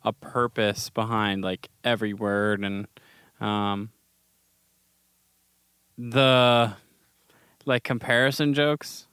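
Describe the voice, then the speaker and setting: A young man in relaxed podcast chat, halting and full of fillers. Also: fairly low pitch, clear, resonant tone, dry recording, studio quality. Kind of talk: casual chat.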